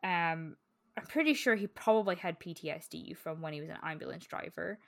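A woman's voice: on the low side, brisk, creaky. A woman co-hosting a book podcast in casual chat, candid and rambling, swearing freely. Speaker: podcast co-host.

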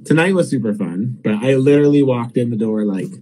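A man's voice: medium pitch, animated, fairly quick, dark tone, a little hiss or hum, low-quality recording. A man co-hosting a casual podcast, worn out and rambling, swearing and laughing as he talks. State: tired. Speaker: podcast co-host.

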